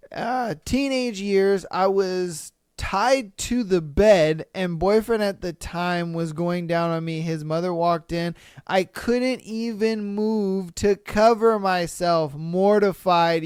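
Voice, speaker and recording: A man's voice: high-pitched, clear, resonant tone, no room sound, studio quality. A man hosting a podcast, reading out listener stories and reacting with crude jokes and laughter. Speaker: podcast host.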